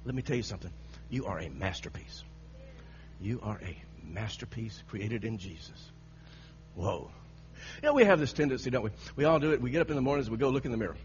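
A man's voice: mid-range voice, expressive, brisk. A man preaching a sermon, telling a story with frequent laughter and repeated phrases, on a dull lo-fi recording with a faint hum.

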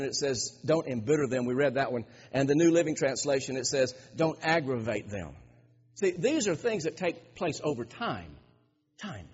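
High-voiced, husky preacher in a hall. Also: male voice. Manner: emphatic, repeats words and restarts phrases. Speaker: pastor. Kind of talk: sermon. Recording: dull lo-fi recording with long hall reverb.

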